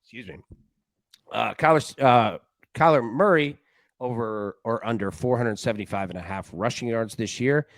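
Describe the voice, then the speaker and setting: A man hosting a sports-betting show in casual chat, talking in quick restarts and repeated false starts. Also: medium pitch, dry recording, clean studio sound. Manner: animated, talks in restarts and repeated "I, I".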